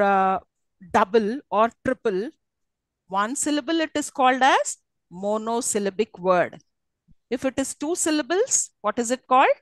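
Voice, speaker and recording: A woman's voice: a little high, no echo. A woman with an Indian English accent lecturing students on syllables and word stress, often checking they follow. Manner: explains with frequent checks to students, encouraging. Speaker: teacher. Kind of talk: classroom lecture on English phonetics. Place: classroom.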